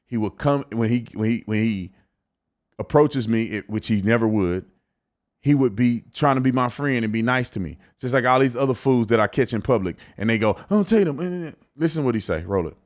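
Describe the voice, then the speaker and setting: A man's voice: medium pitch, a little fast. Blunt guy reacting to clips on his show, says words twice when he gets going. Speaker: show host. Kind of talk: casual commentary reacting to clips.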